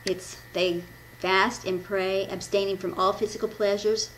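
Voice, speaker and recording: A woman's voice: medium pitch, little pitch movement, measured pace, a bit bright, poor audio. Woman from the us midwest doing a church devotion, rambly, keeps fixing her own slips, faint hum behind. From Midwestern United States. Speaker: devotional speaker. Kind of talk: informal church devotion, reading notes.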